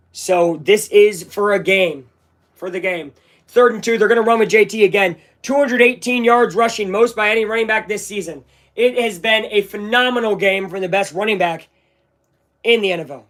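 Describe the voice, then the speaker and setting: Young male streamer, live play-by-play, bright, forceful voice, talks right to his viewers. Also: high-pitched, normal speed. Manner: hyped, talks straight to viewers. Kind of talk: excited live fan commentary.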